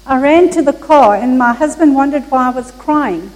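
A woman preaching a Christmas sermon, telling a story in an earnest, measured way with occasional slips. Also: high-pitched, a little mellow, in a large hall, low-quality recording.

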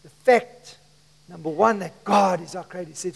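A man preaches in a strikingly high voice, pressing each line with emphasis and calling on the congregation to repeat after him. His sermon rings through a church hall with long, lingering reverb. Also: moderate pace, gravelly. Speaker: pastor.

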